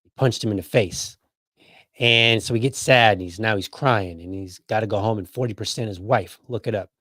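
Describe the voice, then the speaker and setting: A man's voice: lowish voice, normal speed, fairly bright tone, no echo. Chatty man hosting a podcast, dry sound. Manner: conversational, hyperbolic, keeps asking "right?". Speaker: podcast host. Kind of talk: casual political commentary.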